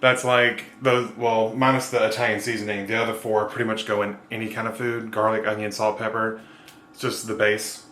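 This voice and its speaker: Man, casual cooking vlog, joking and chatty, bright voice, echoey kitchen. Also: lowish voice, flat delivery, fairly quick, slight background noise. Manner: upbeat, joking, talks straight to viewers. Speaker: YouTube vlogger and writer. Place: home kitchen. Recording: roomy kitchen echo.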